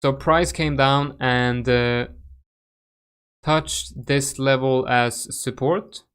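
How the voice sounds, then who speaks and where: A young man with a Swedish accent, hosting a live crypto chart session in a loose, chatty way. His voice is smooth and clear at a middle pitch. He restarts sentences often and throws in plenty of fillers as he reacts to viewers. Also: steady tone, extremely slow, a bit bright. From Sweden. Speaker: crypto trading livestream host. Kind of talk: casual live chart analysis.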